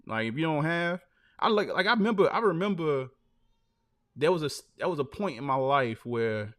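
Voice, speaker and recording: Hosting a casual live stream, a man tells stories loosely, dropping "man" and "like" between phrases. His voice is fairly high and fairly bright, expressive, and delivered at normal speed.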